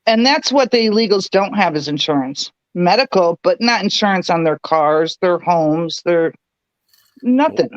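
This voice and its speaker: A woman's voice: on the low side, lively intonation, moderate pace, no room sound. Chatty woman on a dull lo-fi mic. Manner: chatty, laughing, matter-of-fact. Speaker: podcast co-host. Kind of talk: casual chat. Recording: dull lo-fi sound.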